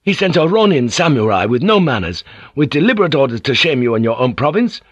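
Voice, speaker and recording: A man reading an audiobook, voicing a loyal, shrewd samurai vassal who argues in an earnest, quietly authoritative way. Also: medium pitch, big pitch swings, fast talker, slightly rough, no room sound, lo-fi sound, pitched above the performer's own voice. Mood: persuasive.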